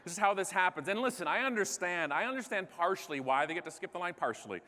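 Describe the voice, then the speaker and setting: A Canadian man giving a comedic keynote on stage, telling a story in an animated way and acting out the other people in it. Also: high-pitched, fast talker. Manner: animated, acts out characters, self-mocking. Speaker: keynote speaker. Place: large conference hall stage. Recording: long reverb of a large hall.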